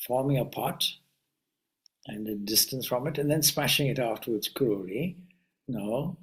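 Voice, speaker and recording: A man, a swami, giving a spiritual teaching talk to seekers in a Q&A session. He speaks in a measured, reflective way, builds long lists of phrases and now and then pauses on an "uh". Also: medium pitch. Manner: reflective, with occasional "uh" fillers.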